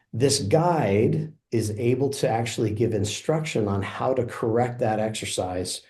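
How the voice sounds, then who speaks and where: A man walking through a software demo, explaining each feature in a relaxed, explanatory way. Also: lowish voice. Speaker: software presenter. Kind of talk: product demo walkthrough. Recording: roomy echo.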